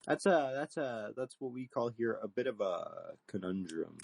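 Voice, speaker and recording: A man's voice: mid-range voice, lively intonation, moderate pace, vocal fry, husky. Stammering young man, mock-profound. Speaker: podcast co-host. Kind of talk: deadpan comedic banter.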